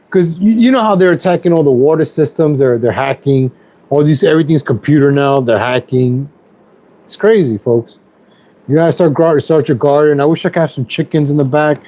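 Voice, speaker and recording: A man's voice: medium pitch, warm tone, low-quality recording. A middle-aged man ranting on a casual home stream, rambling and repeating himself, angry at everything. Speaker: YouTube streamer. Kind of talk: casual political rant stream.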